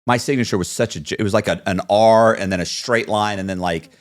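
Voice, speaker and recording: A man's voice: lowish voice, fast, dry recording. A man telling a story in a casual interview, acting out both sides of the conversations he recounts. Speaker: podcast guest telling his story.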